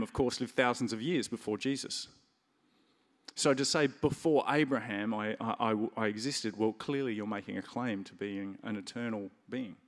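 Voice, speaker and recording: A man preaching a sermon in a conversational way, stressing key words with lively emphasis. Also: mid-range voice. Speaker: pastor. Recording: reverberant hall.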